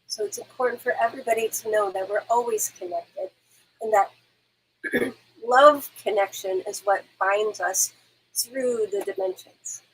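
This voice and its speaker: A woman working as a medium, giving gentle, reassuring readings on a live stream. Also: on the high side, unhurried, slight background noise, rough recording.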